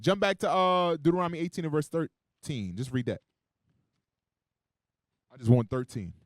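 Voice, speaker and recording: A man preaching a sermon, calling on a reader for verses and joking in between, swinging from loud emphasis to quiet asides. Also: a little high, animated, moderate pace, no echo, clean studio sound. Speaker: preacher teaching a Bible class. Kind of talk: sermon with call-and-response scripture reading.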